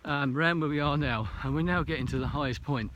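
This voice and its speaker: A man's voice: fairly high pitch, a little fast, noisy background. A man talking casually to a camera while hiking a snowy mountain trail, a little out of breath, rambling and hesitant with many fillers. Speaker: vlogger.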